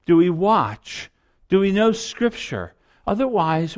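A man's voice: high voice, big pitch swings, takes it slowly. A middle-aged male pastor preaching a sermon, earnest and reflective, often repeating a phrase for emphasis.

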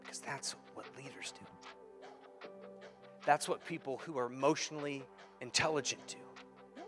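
Man preaching a sermon, acts out little back-and-forths, goes loud then quiet, big echoey hall. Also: mid-range voice, measured pace, music in the background. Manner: animated, acts out quoted dialogue; swings from loud to hushed. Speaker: pastor. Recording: long hall reverb.

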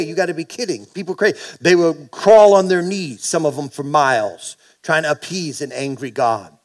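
Animated preaching man, fairly high voice. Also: moderate pace, few pauses. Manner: preaching with call-and-response, animated bursts. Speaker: pastor. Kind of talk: sermon.

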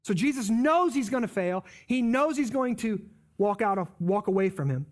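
Guy preaching, real high voice, chatty and punchy, breaks the verses down casually. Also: expressive, moderate pace. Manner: conversational, emphatic, explains scripture in plain words. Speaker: pastor. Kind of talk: sermon.

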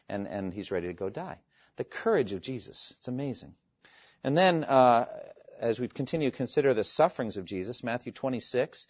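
A man preaching a sermon, earnest and emphatic, quoting scripture and pausing for effect. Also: medium pitch, animated, darkish tone, dry recording. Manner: earnest, emphatic, with dramatic pauses and quoted scripture. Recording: dull lo-fi, dry sound.

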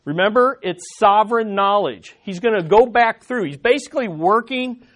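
A male preacher delivers a sermon in a fairly high voice. He presses his points hard and circles back to the same rhetorical questions again and again. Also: lively intonation, moderate pace, a bit bright. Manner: emphatic, repeating rhetorical questions.

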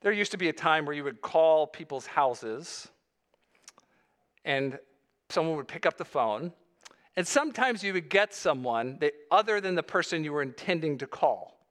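A man's voice: a little high, lively intonation, moderate pace, fairly bright tone. A male pastor delivering a sermon, earnest, with rising emphasis on key phrases.

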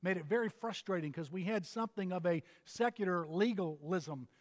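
A man's voice: sits high, moderate pace. An older man from Texas preaching a sermon, telling folksy, humorous stories as a pastor. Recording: reverberant hall.

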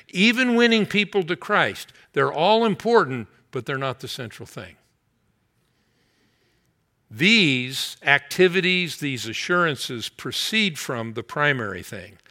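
A man preaching a sermon, earnest and emphatic, easing into a slow, heartfelt prayer. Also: medium pitch, bright, forceful tone. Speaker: pastor.

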